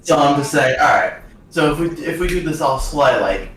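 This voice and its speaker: A man's voice: fairly high pitch, animated, moderate pace, crowd noise. A man playing a tabletop game, plotting schemes hesitantly with many fillers. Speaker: player. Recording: very echoey room, far from mic, faint noise.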